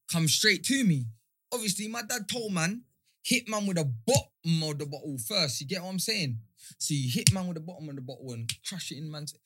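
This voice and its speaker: A man's voice: sits high, breathy edge. A man telling stories in casual chat, full of slang and checking that the others follow him. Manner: animated storyteller, heavy slang, keeps asking "you get me".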